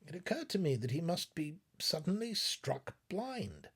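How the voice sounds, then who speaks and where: Slow, husky male storyteller. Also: a little high. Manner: measured, expressive reading. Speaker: audiobook reader. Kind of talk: literary storytelling narration.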